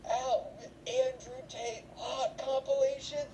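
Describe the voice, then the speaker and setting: A man voicing a furious middle-aged mother who is scolding her son in a shrill voice. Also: flat delivery, slow pace, mellow, far from the mic, soft background music. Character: screaming shocked middle-aged mom. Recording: noisy background.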